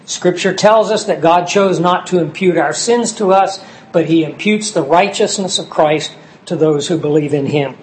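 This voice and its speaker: A man preaching a sermon, slowing down to stress key words as he lists scripture passages. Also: on the high side, slight background noise, low-quality recording. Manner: slow and emphatic on key words, citing scripture verses.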